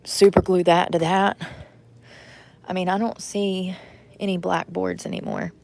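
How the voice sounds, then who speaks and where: A woman's voice: fairly low pitch, flat delivery, measured pace, gravelly, a little mellow. Blunt woman vlogging while shopping. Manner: blunt, rambling, muttering to herself while shopping. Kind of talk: casual vlog talking to viewers. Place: inside a store.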